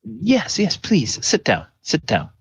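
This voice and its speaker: A man voicing a kindly older priest who speaks in a gentle, reassuring way. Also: fairly high pitch, huge pitch swings, takes it slowly, breathy edge, no room sound, pitched above the performer's own voice, exaggerated voice. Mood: welcoming. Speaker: priest character.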